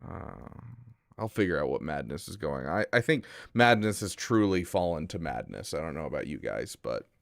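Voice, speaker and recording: A man's voice: rumbling low, sing-song, normal speed, creaky, no room sound, studio quality. Bemused streamer man bantering with chat. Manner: bemused banter with chat, rising to loud exasperation. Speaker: game streamer. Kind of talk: casual live-stream commentary.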